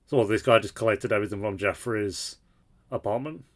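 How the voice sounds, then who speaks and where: A man's voice: lowish voice, fairly quick, a little hiss or hum. A man hosting a reaction video, talking casually and with exasperation while he swears and comments on scenes.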